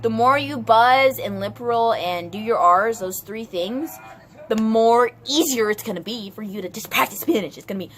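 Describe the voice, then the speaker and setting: A woman's voice: a little high, moderate pace, noisy background. A woman acting as a Spanish teacher in a playful home video, chatty and full of fillers, repeating herself often.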